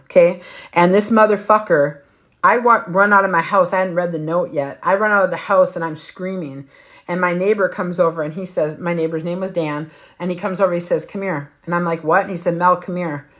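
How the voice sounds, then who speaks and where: A woman hosting a weight-loss challenge livestream tells a personal story in a blunt, emphatic way, swearing heavily. Her voice is fairly low-pitched and steady in tone, brisk and a bit bright.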